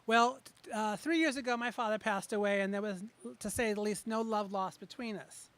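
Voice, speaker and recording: A man reading his own poems at an open mic. He introduces each piece in a chatty way, then reads slowly and with emphasis. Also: sits high, fairly bright tone. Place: open mic venue, live before a small audience.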